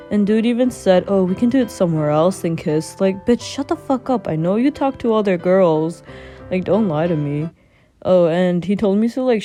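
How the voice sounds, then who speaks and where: A woman's voice: lowish voice, dark tone. A young woman telling a story in a casual vlog, sarcastic and full of swearing. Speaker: vlogger.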